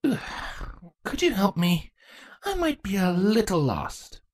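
A woman's voice: medium pitch, pitched above the performer's own voice. A woman voicing a bookish, eager young female changeling princess in a storybook reading. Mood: flustered. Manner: excitable, earnest, quick to gush about history and books.

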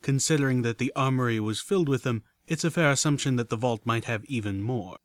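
A man plays a smirking, businesslike male pony in a near-natural voice at middle pitch, matter-of-fact. A storybook reading in a dry, close sound. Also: fairly quick, no echo, lightly acted. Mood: smug.

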